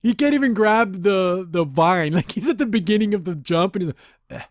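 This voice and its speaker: A man's voice: high-pitched, lively intonation, brisk, dry recording, clean studio sound. Man casually reviewing a cartoon episode. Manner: rambling, acts out characters' lines; laughs often. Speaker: podcast host.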